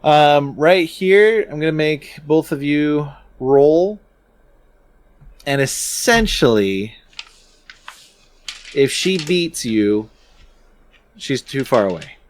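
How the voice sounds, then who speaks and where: A man's voice: a little high, expressive, slow, pauses often, no echo. A man running a tabletop game as dungeon master, narrating unhurriedly and often chuckling.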